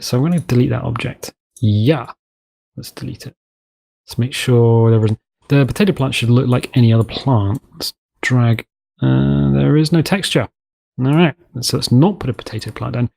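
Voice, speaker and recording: A man's voice: medium pitch, unhurried, creaky, long pauses, a little mellow, husky. A man giving rambling, self-mocking commentary while building in a game's map editor, now and then dropping into silly voices. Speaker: gameplay commentator. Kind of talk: casual let's-play commentary.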